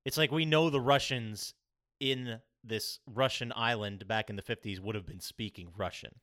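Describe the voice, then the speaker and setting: A man's voice: fairly low pitch, normal speed, bright, forceful tone, no echo, studio quality. A man hosting a casual gaming podcast, steering the talk and swearing freely. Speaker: podcast host.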